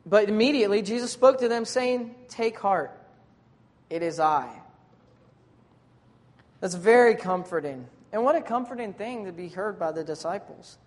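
Preacher delivering a sermon. Relaxed, slangy, animated storytelling, mid-range pitch. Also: moderate pace, long pauses, long reverb tail. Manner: casual, conversational preaching with modern slang; lively, dramatic retelling of scripture scenes.

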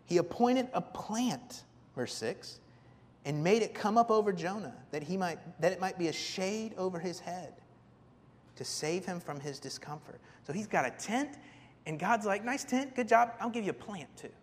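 A man preaching a sermon, animated, acting out the people in the story with big jumps in his voice. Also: moderate pace, long reverb tail. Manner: animated, acts out voices of biblical figures with big pitch jumps.

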